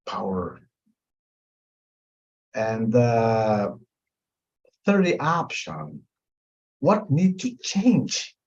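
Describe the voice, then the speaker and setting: A male mediation instructor speaks slowly, letting each point land before moving on. His pitch swings widely as he stresses and repeats key words. The recording sounds dull and lo-fi. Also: darkish tone. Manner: emphatic, repetitive, drawn-out teaching delivery. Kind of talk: webinar teaching.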